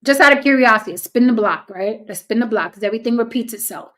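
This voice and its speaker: A woman hosts a casual commentary show with a somewhat high voice. She talks straight to her viewers in a blunt, cynical way. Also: fast talker, few pauses, a bit bright. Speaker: host.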